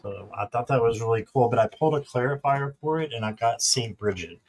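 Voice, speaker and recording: A man's voice: mid-range voice, brisk, poor audio. A man guesting on a tarot stream, reading cards in a chatty, friendly way. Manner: warm, chatty, laughs at his own mispronunciations.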